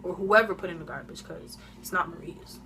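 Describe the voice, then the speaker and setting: A twenty-one-year-old vlogger eats while telling a casual storytime into her phone camera on her own channel. She's animated and full of slang, with a lowish voice and a brisk pace against a noisy background.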